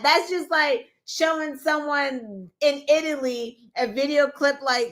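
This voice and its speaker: A woman's voice: sits high, fairly even intonation, normal speed, fairly bright tone. A woman hosting a podcast, giving opinionated, sarcastic political commentary and mimicking the people she discusses. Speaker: podcast host.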